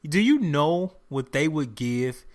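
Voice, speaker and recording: A man hosting a solo podcast and lecturing his listeners in casual slang, full of curse words. His voice sits a bit high for a man, and he hammers points home by saying them twice. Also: very animated, slow pace. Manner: preachy, emphatic, repeats lines for effect. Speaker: podcast host.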